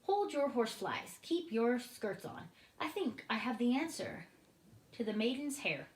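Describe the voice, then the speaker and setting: Brief: gentle friendly male giant who mangles words, storybook read-aloud, done by a woman, echoey room. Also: on the high side, sing-song, unhurried, pitched above the performer's own voice. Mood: eager. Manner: jumbled grammar, made-up words. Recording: roomy echoing room.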